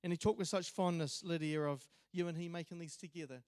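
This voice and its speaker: At a church memorial, a man gives a eulogy, telling stories conversationally and quickly, with small hesitations. His voice sits high for a man but has a darkish tone. The recording is close and dry, with no room sound.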